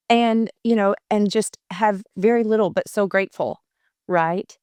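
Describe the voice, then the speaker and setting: A woman co-hosting a podcast, a mother telling stories in a casual, animated way and acting out the conversations she retells. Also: mid-range voice, a little slow, clean tone, no echo, studio quality. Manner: animated, retells conversations in quotes, frequent restarts. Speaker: podcast co-host; mother of boys.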